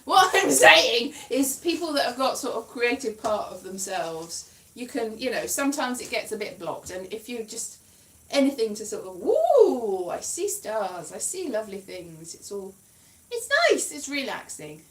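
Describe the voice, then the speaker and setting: Rambling, self-mocking woman with a lively voice. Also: a little high, moderate pace, roomy sound, far from the mic. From Wales. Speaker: comedian. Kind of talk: casual livestream chat.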